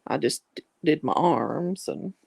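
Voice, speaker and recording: A woman's voice: low voice, expressive, unhurried, vocal fry, a little mellow, husky, no echo. A woman, chatting casually on a video call in a folksy, drawling way. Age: 60s. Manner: chatty, folksy, yawning and laughing.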